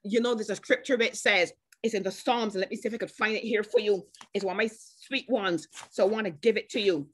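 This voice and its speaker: A woman preaching a sermon at a church service, speaking personally to members of the congregation and stretching out slow scripture quotes between bursts of emphasis. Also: mid-range voice, slightly rough. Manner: chatty, personal asides to named congregation members. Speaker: guest preacher.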